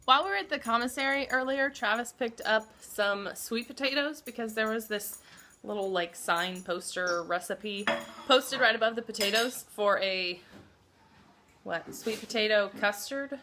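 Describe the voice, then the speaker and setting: A woman's voice: fairly high pitch, normal speed, pushed and bright, slight background noise. A woman chatting casually in a home vlog, then gushing over her dog in baby talk. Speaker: vlogger.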